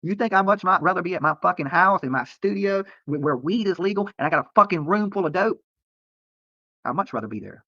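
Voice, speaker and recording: Fast, lively man ranting on a livestream. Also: high-pitched, no echo, muffled recording. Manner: profane, rambling, defensive, repeats "okay?". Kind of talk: livestream rant to viewers. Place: roadside outdoors near a protest.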